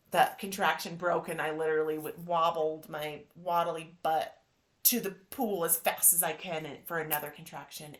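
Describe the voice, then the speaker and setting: A woman in her thirties, hosting a podcast and telling a personal story in an animated, emotional way. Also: low-pitched. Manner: emotional, animated retelling with acted quotes. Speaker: podcast host.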